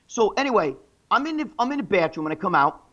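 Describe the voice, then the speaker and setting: A rambling, foul-mouthed man spins loose stories in a high, bright voice. His audio comes through dull and lo-fi. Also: fast talker. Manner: profane, rambling, animated storyteller acting out quotes. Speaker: show guest telling stories. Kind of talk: casual storytelling chat.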